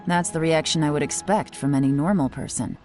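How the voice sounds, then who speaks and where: A woman voicing a calm, shrewd young female traveler in video game dialogue, measured and politely formal. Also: low-pitched, faint music behind, lightly acted. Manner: measured, playfully formal when flattering.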